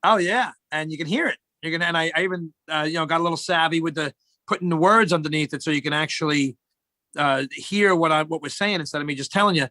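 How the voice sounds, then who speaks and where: A man's voice: on the high side, fast talker, pushed and bright, no echo. A middle-aged man, a guest in casual chat, telling rambling joking stories.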